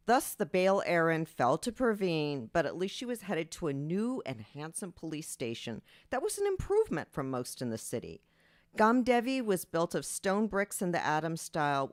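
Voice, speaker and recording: British-born female author reading her novel, lively intonation, lowish voice. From Britain.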